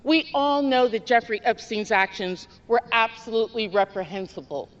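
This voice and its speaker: A woman politician giving a firm, measured formal statement in a legislative chamber. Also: on the high side, in a large hall, muffled recording.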